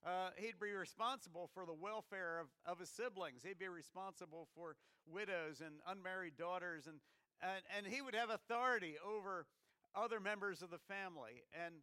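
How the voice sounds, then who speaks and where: American pastor, high bright voice, chatty sermon, lots of restarts and questions to the crowd. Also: male voice, normal speed, clean tone, no echo. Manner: conversational, many restarts, questions to the congregation.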